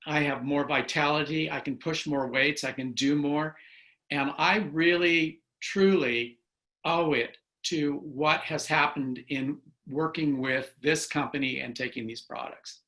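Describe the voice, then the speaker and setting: An enthusiastic man in his sixties tells stories over a video call. His voice sits a little high and rings bright and forceful. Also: a little slow. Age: 60s. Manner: enthusiastic storyteller. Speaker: guest. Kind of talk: casual video call chat.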